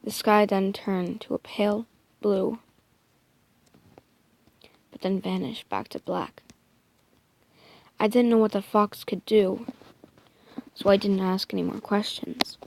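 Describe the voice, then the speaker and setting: A woman improvising a first-person story in a soft, hesitant way, often dropping into a whisper and correcting herself. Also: mid-range voice, steady tone, slow, vocal fry, pauses often.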